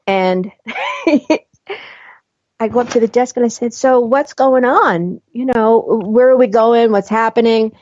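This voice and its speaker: A woman's voice: on the high side, lively intonation, measured pace, a little mellow, dry recording, highs cut off. A woman host telling a personal story with animation, acting out dialogue and laughing often. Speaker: podcast host.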